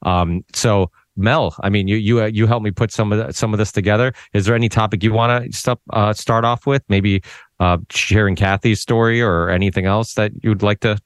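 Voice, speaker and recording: A man hosting a panel podcast, introducing guests in a halting way with many fillers. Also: fairly low pitch, steady tone, dry recording, studio quality. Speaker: podcast host. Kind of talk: casual panel talk.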